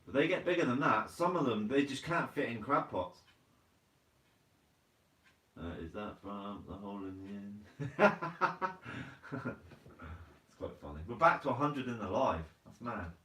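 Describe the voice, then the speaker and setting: A man's voice: medium pitch, lively intonation, a little slow, pauses often, a bit bright. A man hosting a casual live stream, chatting easily with viewers, reading their comments aloud and laughing often. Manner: laid-back, chatty, laughs often, says mate a lot. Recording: roomy sound from a distant mic.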